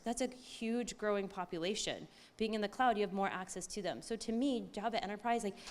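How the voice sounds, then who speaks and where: A woman giving an excited, chatty conference talk, often correcting herself as she goes. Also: medium pitch. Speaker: conference speaker.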